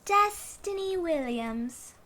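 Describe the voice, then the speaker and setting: Fantasy audio drama: woman as a tiny, jittery fairy herald, shrill and lively. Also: slow, heavily acted. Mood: formal. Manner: apologetic, stumbling over its lines. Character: flustered nervous fairy messenger, small and shrill.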